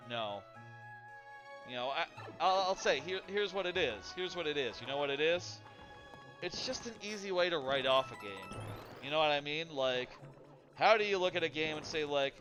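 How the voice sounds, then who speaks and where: Streamer, male, slightly raised pitch, rambling and chatty while playing, music running underneath. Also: expressive, brisk, pushed and bright. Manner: rambling, filler-heavy, chatty, answers chat. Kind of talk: casual live-stream commentary while gaming.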